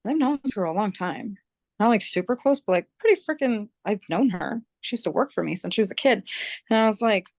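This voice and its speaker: A woman's voice: mid-range voice, brisk, no room sound. A woman casually telling a story, acting out both sides of a conversation, candid and swearing. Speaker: team member sharing a story.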